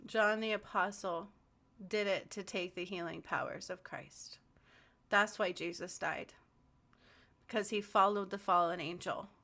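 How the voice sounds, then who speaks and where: A woman speaks in a level, flat voice. She talks earnestly and insistently in a spiritual commentary vlog. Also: medium pitch, unhurried. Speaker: spiritual vlogger.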